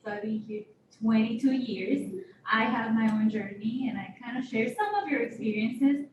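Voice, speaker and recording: A woman's voice: on the high side, normal speed, highs cut off. Woman from Mexico thanking a speaker. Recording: echoey room from far off with noise.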